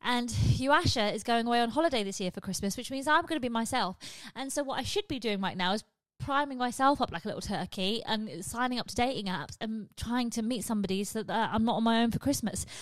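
A woman's voice: a little high, a little fast, hardly any pauses, fairly bright tone, no room sound. A woman hosting a podcast, telling frank, self-mocking stories full of swearing. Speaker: podcast host. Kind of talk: comic confessional storytelling.

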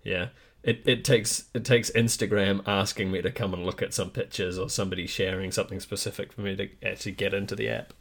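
Male podcast co-host, fairly low voice, wry deadpan sidekick. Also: fast, creaky, hardly any pauses. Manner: dry, teasing interjections. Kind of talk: casual chat.

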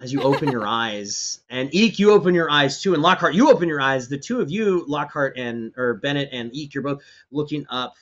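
A man's voice: medium pitch, lively intonation, a little fast, hardly any pauses, a bit bright. A man narrating as game master of a tabletop game, with a loose, rambling delivery full of fillers and restarts. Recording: slightly dull lo-fi stream audio.

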